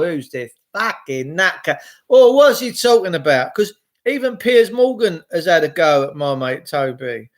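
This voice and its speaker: A middle-aged man from England, giving a rambling, profane, chatty monologue to his viewers. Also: on the high side. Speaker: video host.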